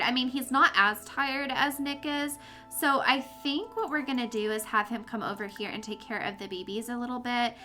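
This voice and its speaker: A woman's voice: fairly high pitch, pushed and bright. A young woman giving casual, chatty commentary while playing a life-simulation game, talking fondly to her characters as she goes. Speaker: let's play host.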